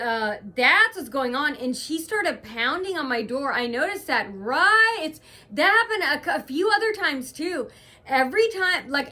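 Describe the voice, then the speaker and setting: Bright-voiced woman, rambling aggrieved vlog. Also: sits high. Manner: rambling, aggrieved retelling full of hesitations. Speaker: vlogger. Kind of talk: casual to-camera vlog monologue.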